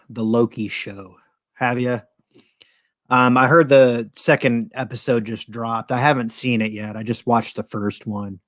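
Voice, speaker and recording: A man's voice: mid-range voice, fairly bright tone, no room sound. A middle-aged man hosting a casual live stream, rambling and jokey with crude language. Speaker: host.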